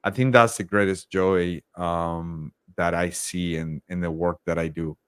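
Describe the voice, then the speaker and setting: A lowish male voice, upbeat and chatty, often acting out his own thoughts as little quotes. He talks like a leadership coach in a relaxed interview, recorded dry and close. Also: a little slow, clean tone, dry recording. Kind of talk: casual interview talk.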